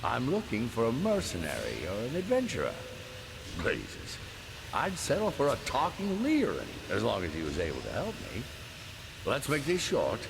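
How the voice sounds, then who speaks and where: Tobackus, a gravelly, grumpy old merchant. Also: male voice, mid-range voice, huge pitch swings, normal speed, background noise. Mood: irritated scolding. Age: older. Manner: indignant, scolding, sarcastic. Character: cantankerous pompous old man, a fussy merchant. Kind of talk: video game character dialogue.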